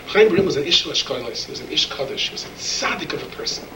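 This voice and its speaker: Racing along in a slightly high voice, a preacher tells stories during his sermon and acts out the quoted voices with animation. He's recorded from a distance in an echoey room, with background noise present.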